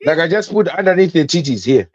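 A man's voice: fairly high pitch, lively intonation, quick pace, dull audio. A man joking with friends on a podcast, often repeating himself. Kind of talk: casual chat.

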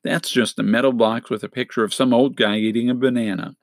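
A goofy, dim-witted teenage sidekick, as a male narrator puts him on, slow and literal-minded in a mid-range voice. It is recorded close and dry. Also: mid-range voice, steady tone, dry recording, close to an everyday voice. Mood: disbelieving.

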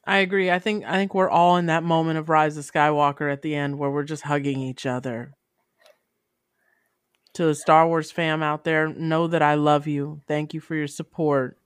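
A woman's voice: sits low, fairly even intonation, normal speed, clean tone, dry recording, studio quality. A woman hosting a casual podcast chat, talking bluntly and swearing freely while she steers the group. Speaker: podcast host.

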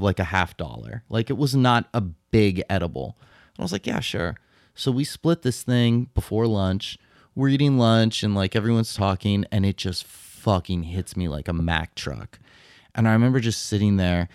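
Laid-back lower-voiced man telling a story. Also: clean tone, no room sound, clean studio sound. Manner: animated, swears, laughs while telling stories. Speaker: podcast co-host. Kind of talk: casual chat, storytelling.

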